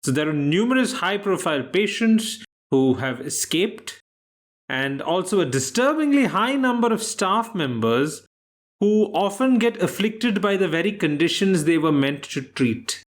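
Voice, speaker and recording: A man's voice: high voice, very animated, measured pace. A man from India hosting a casual quiz podcast, posing questions playfully. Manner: playful, puts on an English accent. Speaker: quiz host.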